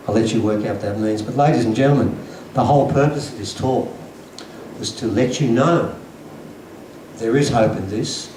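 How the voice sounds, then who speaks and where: A man's voice: fairly low pitch, normal speed, background noise. A man giving an earnest, emphatic talk to a conference audience, telling stories. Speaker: conference speaker. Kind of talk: lecture to an audience. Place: conference hall. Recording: echoey hall recording from a distance.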